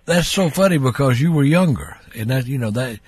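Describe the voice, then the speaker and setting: A man's voice: mid-range voice, expressive, a little fast, darkish tone, slightly rough. A man hosting a call-in radio show, chatting casually and laughing along with callers.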